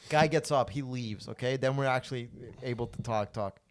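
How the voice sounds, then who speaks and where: A man's voice: mid-range voice, brisk. Profane Canadian man telling stories. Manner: profane, rambling anecdotes with restarts. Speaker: podcast host. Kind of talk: casual storytelling chat.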